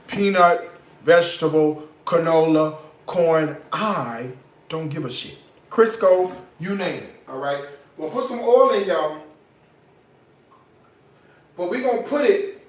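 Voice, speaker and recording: A man's voice: fairly high pitch, slow pace, long pauses, roomy sound. A man hosting a casual home cooking tutorial in his kitchen, sassy and profane, tipsy from liquor as he rants about bad food. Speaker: home cook, cooking show host.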